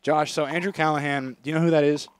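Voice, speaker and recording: A man's voice: on the high side, fairly even intonation, fast talker, a little hiss or hum. A young man co-hosting a podcast, chatting crudely and profanely and often drifting into comic bits. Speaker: podcast co-host. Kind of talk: crude casual chat. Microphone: studio microphone.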